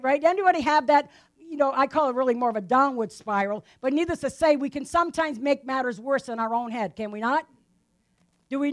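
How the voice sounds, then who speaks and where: A woman teaching a Bible passage in a casual, conversational sermon, often asking her listeners rhetorical questions and adding "right?" to her lines. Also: high voice. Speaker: preacher.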